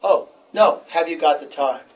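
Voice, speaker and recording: A middle-aged American man runs an English class, speaking slowly and repeating each phrase with patience. His voice sits a little high for a man. He sounds some way from the microphone, with faint music behind him. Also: a little mellow, recorded from a distance, low-quality recording. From United States. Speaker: English teacher. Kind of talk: classroom lesson.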